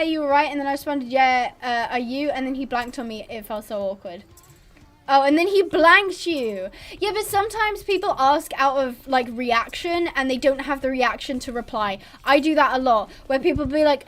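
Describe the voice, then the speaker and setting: A young British woman, born abroad on a military base, hosts a casual livestream in a high, slightly bright voice with lively intonation and a moderate pace. She rambles chattily, reads chat messages aloud, and laughs a lot.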